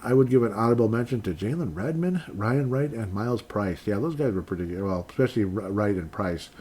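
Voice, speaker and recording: A man's voice: on the low side, animated, fairly quick, a little mellow, husky. A man hosting a solo sports podcast, talking in a rambling, self-correcting way that turns emotional. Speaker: podcast host.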